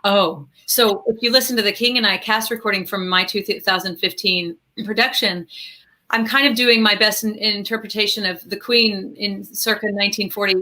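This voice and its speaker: A woman guest on a home livestream, telling anecdotes casually with quick asides. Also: medium pitch, fairly even intonation, sharp tone. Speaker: guest performer. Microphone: video call. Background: piano track.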